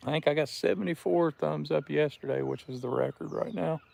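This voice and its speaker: Creaky-voiced man chatting on a live stream. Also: fairly high pitch, fairly quick, darkish tone. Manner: chatty, greets viewers by name. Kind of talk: casual live-stream chat. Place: outdoors by a river.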